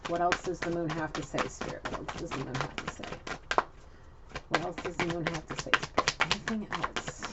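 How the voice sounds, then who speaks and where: A woman giving a casual tarot card reading, chatty, excitable and profane. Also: fairly low pitch. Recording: lo-fi with loud hiss.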